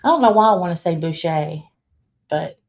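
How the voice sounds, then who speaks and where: Speaking at a moderate pace in a rather low, animated voice, a woman runs a casual live stream from her laundry room. She welcomes each viewer individually and laughs a lot, all captured in dull, lo-fi stream audio.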